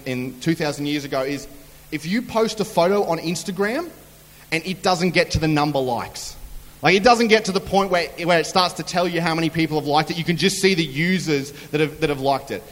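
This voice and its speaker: High-voiced preacher in a reverberant hall. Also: male voice, fairly quick, a bit bright. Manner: chatty storytelling with acted-out quotes. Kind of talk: humorous sermon.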